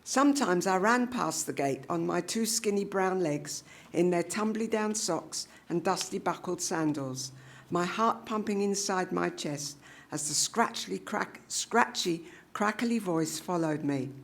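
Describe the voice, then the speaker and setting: A woman reading a children's short story aloud at a public reading, in an animated, expressive style with voiced characters. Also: fairly low pitch, measured pace. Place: live literary reading event.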